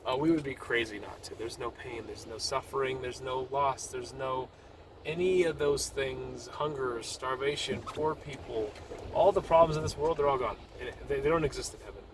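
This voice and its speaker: A man's voice: medium pitch, moderate pace, background noise. A man talking casually but urgently about his faith to the camera while sitting in a car, with rambling restarts. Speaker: Christian vlogger.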